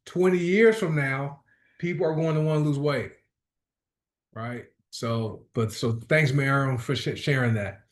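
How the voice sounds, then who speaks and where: A man's voice: medium pitch, measured pace. Rambling man hosting a video call. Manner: rambling, repeats words, upbeat. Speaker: host of a product call. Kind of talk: casual group call chat.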